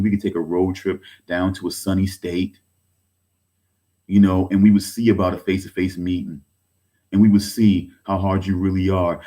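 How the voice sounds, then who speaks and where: A man in his thirties delivering a heated rant straight to his viewers. He swears, repeats himself and keeps calling them "folks". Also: mellow. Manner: agitated, swearing, repeats himself, pitch swings high when angry. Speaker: online content creator. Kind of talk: heated direct-to-camera rant.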